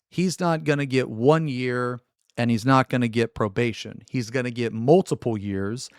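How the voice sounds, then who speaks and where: A man's voice: medium pitch, no echo, clean studio sound. A man streaming live, ranting angrily with heavy profanity and hammering the same points over and over. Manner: angry, profane, emphatic repetition. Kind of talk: livestream rant.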